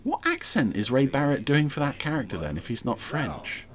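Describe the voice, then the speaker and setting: A man's voice: medium pitch, wildly swooping pitch, normal speed. A man hosting a podcast, giving chatty, wry watch-along commentary on an episode, with fond asides. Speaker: podcast host.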